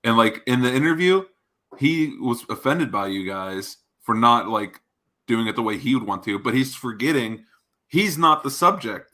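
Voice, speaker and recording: A man's voice: medium pitch, expressive, normal speed, sharp tone. A man appearing as a podcast guest in casual chat, thoughtfully laying out his point of view.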